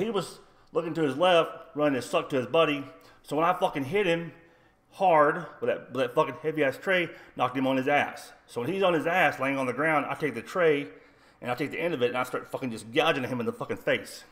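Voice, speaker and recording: A retired man rants bluntly on a livestream, swearing constantly as he wanders from one point to the next. His voice sits at an ordinary middle pitch for a man, and his delivery is combative and rough-edged. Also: a bit bright. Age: older. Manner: blunt, rambling, heavy swearing. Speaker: livestream host. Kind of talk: profane storytelling rant.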